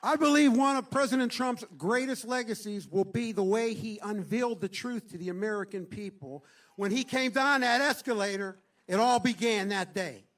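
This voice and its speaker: A middle-aged man giving an impassioned speech at an outdoor rally into a stage microphone, building to shouted chants. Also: high voice, normal speed. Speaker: rally speaker.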